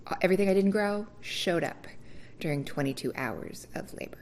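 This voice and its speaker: A woman telling her own birth story in a candid, wry, casual way, acting out voices with big leaps in pitch. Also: brisk, darkish tone, whispered.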